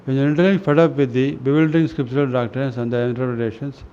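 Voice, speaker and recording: Man slowly reading scripture aloud, muffled. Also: medium pitch, fairly even intonation, mellow. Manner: halting, restarts words, clears throat. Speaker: reader of a spiritual newsletter. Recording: dull lo-fi recording with faint noise.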